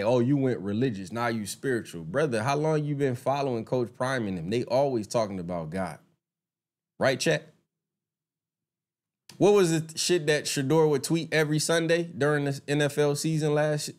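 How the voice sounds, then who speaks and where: A man with a mid-range voice does relaxed live-stream commentary aimed right at his viewers, cursing without restraint and growing fired up and indignant as he rants.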